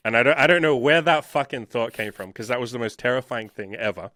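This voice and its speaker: A man's voice: medium pitch, fast, hardly any pauses, pushed and bright, dry recording, studio quality. A man in his thirties telling his life story as an interview guest, emphatic and swearing freely. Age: 30s.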